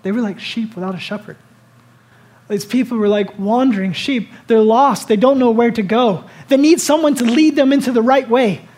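A pastor giving a sermon in a conversational style, asking the listeners many rhetorical questions and moving between loud, urgent lines and soft, hushed ones. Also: medium pitch, moderate pace.

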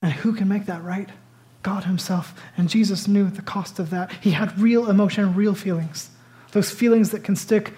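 A man preaching a sermon as a pastor, retelling stories dramatically, swinging between loud bursts and hushed whispers. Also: sits high, steady tone, moderate pace.

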